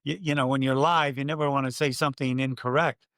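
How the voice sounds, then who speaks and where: An older man, a former race announcer, telling stories in an interview and acting out his own loud calls. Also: mid-range voice, fast talker, dry recording, studio quality. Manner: animated storyteller, acts out his own calls loudly. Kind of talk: conversational storytelling interview.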